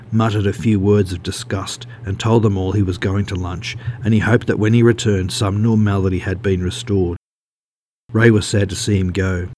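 A man narrating an audiobook in a steady, measured read. His voice sits low and deep, and a faint hiss of noise runs underneath.

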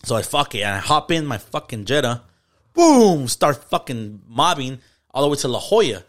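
A man's voice: mid-range voice, lively intonation, fairly quick, a bit bright. A young man, telling a story in casual podcast chat, slangy and profane, dropping in Spanish words. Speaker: podcast host.

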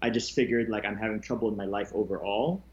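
A man being interviewed as a guest, telling his story candidly with halting restarts. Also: lowish voice, a little mellow, dull audio. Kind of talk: casual conversation.

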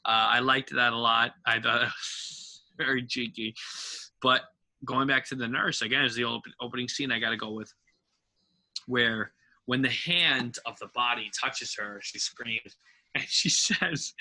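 A man's voice: mid-range voice, steady tone, moderate pace, sharp tone. A man co-hosting a casual movie review podcast, rambling and laughing as he recalls favorite lines. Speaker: podcast co-host.

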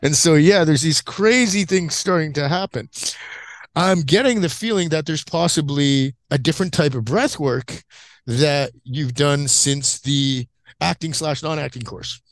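A man hosting a conversational podcast, telling stories in a rambling, animated way. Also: a little high, unhurried, dry recording. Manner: rambling, animated storytelling with acted-out quotes. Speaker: podcast host. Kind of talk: casual conversation.

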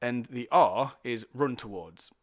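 A man's voice: medium pitch, measured pace. A man talking candidly in a casual podcast conversation, explaining things with plenty of swearing. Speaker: podcast guest.

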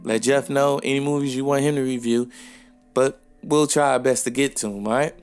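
A man's voice: medium pitch, steady tone, a little fast, clear, resonant tone, faint music behind. A man hosting a casual podcast film review, giving his opinions straight to listeners with frequent filler sounds.

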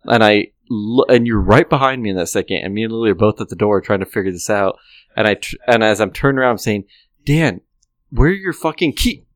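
A young man telling a wild story on a podcast, animated and profane, often laughing. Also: fairly low pitch, fast, dry recording, clean studio sound. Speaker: podcast co-host. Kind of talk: casual storytelling chat.

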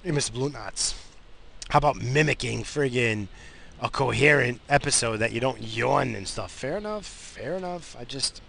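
A tired man rambles through a casual monologue from his car as host of his own show. His voice is gravelly and fry-laden, yet bright and forceful in tone, and he restarts sentences often. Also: mid-range voice, moderate pace. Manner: rambling, with frequent restarts and fillers. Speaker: podcast host. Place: in a car, driving.

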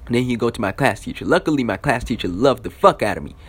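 A young man telling a story casually in a loose, profane, filler-heavy way. His pitch sits in the middle range, but it swings a lot as he gets into the tale. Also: animated, fast, slightly rough.

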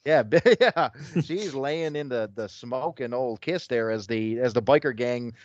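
A man co-hosting a relaxed podcast about old comics, laughing as he goes and slipping into gruff voices for the lines he reads. His audio sounds dull and lo-fi. The room is dry and close. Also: mid-range voice, a little slow, dry recording. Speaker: podcast co-host. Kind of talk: casual comic book review chat.

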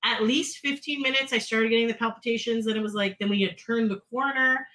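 A woman co-hosting a casual podcast, telling a story in an animated, dramatic way. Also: fairly high pitch, fairly quick, rough recording. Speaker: podcast co-host. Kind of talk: casual chat.

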